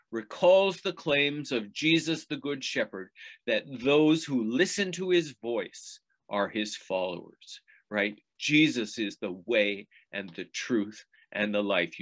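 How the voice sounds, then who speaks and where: A man delivers a sermon in a steady, explanatory voice. He speaks at a mid pitch and in an even teaching tone, now and then turning to the listener with a rhetorical question. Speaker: preacher.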